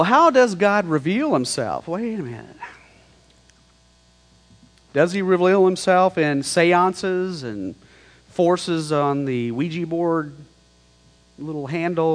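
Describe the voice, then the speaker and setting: Guy preaching a sermon, kinda high voice, loose and emphatic, big echo tail. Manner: conversational, emphatic, paraphrasing scripture in slang. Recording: long hall reverb.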